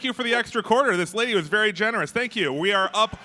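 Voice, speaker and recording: A man's voice: high-pitched, lively intonation, quick pace, sharp tone. A man hosting a convention closing ceremony on stage, joking loosely with his co-host as he reads out sponsor names. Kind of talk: live stage banter. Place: large convention hall stage. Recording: convention hall with crowd noise. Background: crowd and room noise.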